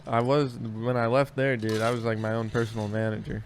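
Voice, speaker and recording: A man's voice: medium pitch, level tone, fairly quick, a little hiss or hum. A man in casual podcast chat, telling work stories in a rambling, profane way with lots of restarts.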